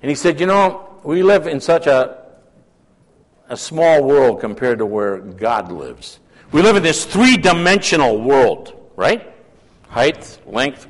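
A man preaching with a fairly high voice, rising to loud emphatic calls and dropping to hushed asides. His sermon rings through a large church with a long trailing reverb.

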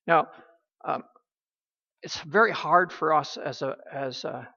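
A woman preaching a sermon in a halting, emphatic way, with many restarts. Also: low-pitched, gravelly, pushed and bright, breathy edge. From United States. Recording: dull lo-fi recording.

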